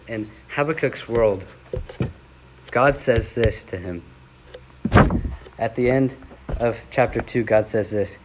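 A young man preaching a sermon, chatty and relaxed, then swelling into dramatic readings of scripture. His voice sits at an ordinary middle pitch. A faint hum of room ambience runs underneath. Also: takes it slowly, pauses often, rough recording.

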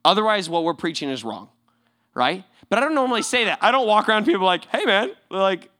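Lively, bright-voiced male pastor. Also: high-pitched, fast. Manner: animated, laughing, acts out quotes. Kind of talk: sermon storytelling.

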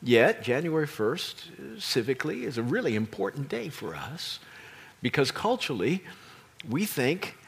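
A man preaching a sermon as pastor, animated and emphatic, with playful asides to his congregation. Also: mid-range voice, normal speed, creaky, breathy edge.

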